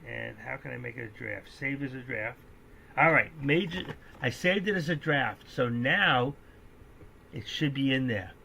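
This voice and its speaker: Gravelly, bright-voiced joking man. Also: mid-range voice, unhurried, slight background noise. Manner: joking, rambling, with excitable outbursts. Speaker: stock trading live streamer. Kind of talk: casual live-stream trading commentary. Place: indoors at home, seated.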